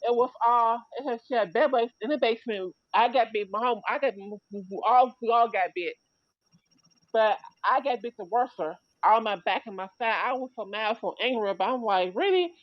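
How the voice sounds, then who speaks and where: A woman's voice: on the high side, brisk, no echo. A woman livestream host telling a long story in casual chat, rambling, repeating words and restarting sentences often. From Chicago area. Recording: dry, muffled livestream audio.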